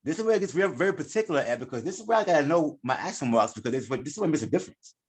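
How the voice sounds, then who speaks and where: A man's voice: fairly high pitch, lively intonation, rapid-fire, roomy sound. A man teaching a class at a board, explaining informally and correcting himself as he goes. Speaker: Spanish teacher.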